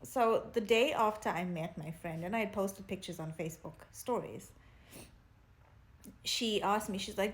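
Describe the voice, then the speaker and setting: South african lady in her 30s chatting to her phone, animated, mimics people. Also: moderate pace, a little hiss or hum. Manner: animated, acts out other people's lines in higher voices. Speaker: vlogger. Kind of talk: casual storytelling to camera. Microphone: phone camera.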